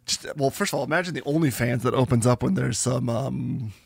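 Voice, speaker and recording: A man's voice: mid-range voice, brisk, gravelly, breathy edge, dry recording. A man co-hosting a podcast in casual chat, rambling and giggling, often trailing off mid-thought. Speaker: podcast co-host.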